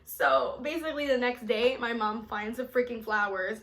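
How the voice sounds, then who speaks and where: A young adult woman telling a personal story in a casual vlog, animated and chatty, full of filler words. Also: fairly high pitch, moderate pace. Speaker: vlogger.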